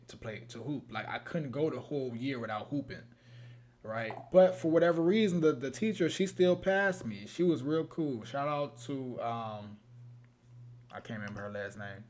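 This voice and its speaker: A young man chats loosely on a livestream and drifts through long stories full of slang. His voice sits at a middle pitch. A faint hum runs under it. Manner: rambling, laid-back storytelling with slang. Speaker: co-host of a true crime livestream. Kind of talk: casual livestream chat.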